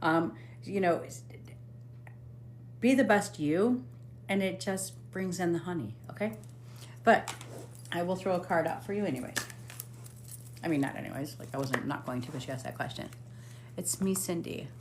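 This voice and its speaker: A woman's voice: lowish voice, moderate pace, pauses often, background noise. A woman hosting a live stream as a psychic medium, reading cards aloud in casual chat, swearing now and then and humming while she scrolls.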